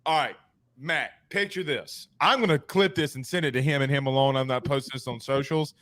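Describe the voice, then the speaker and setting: A man hosting a sports talk show, telling stories animatedly in a slangy, casual way. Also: medium pitch. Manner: animated, fast storyteller with slangy asides. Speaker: podcast host.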